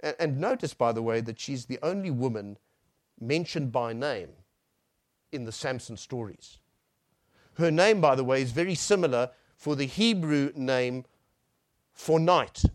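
A male preacher giving a sermon. He swells on key phrases and then drops to a near hush. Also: mid-range voice, animated, a little slow, no room sound, clean studio sound.

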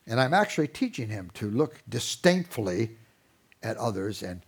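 With a lowish, slightly rough voice at a moderate pace, a middle-aged man delivers a sermon-like talk on Christian parenting. He tells animated stories, mimicking both parents and kids.

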